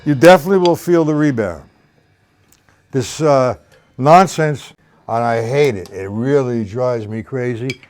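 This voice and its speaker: Counting beats and bluntly rambling through technique, a middle-aged man teaches drums on a live stream and plays the kit between explanations. His mid-range voice is unhurried and a little mellow, with faint music behind it.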